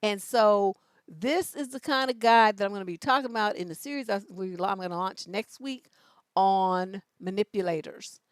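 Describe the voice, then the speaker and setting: With a medium-pitched voice in studio-quality audio free of room sound, a woman runs a live-stream relationship-coaching show. She's animated and blunt, loaded with profanity and sass, and stretches words out to stress them.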